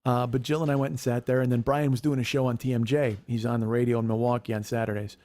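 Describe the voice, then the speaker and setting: A man in his forties hosting a podcast, telling a story in casual chat, profane, animated and self-mocking. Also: medium pitch, fast. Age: 40s. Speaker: podcast host.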